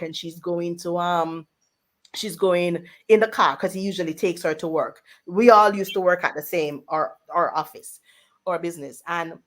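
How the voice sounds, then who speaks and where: Woman, radio guest, animated storytelling. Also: fairly low pitch. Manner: animated, voices family members in quotes. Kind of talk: personal storytelling.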